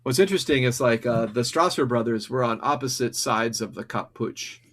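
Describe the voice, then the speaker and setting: A man's voice: mid-range voice, normal speed, a bit bright. A man co-hosting a history podcast, reading passages from an article aloud and then breaking off into loose commentary full of fillers and restarts. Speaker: podcast co-host.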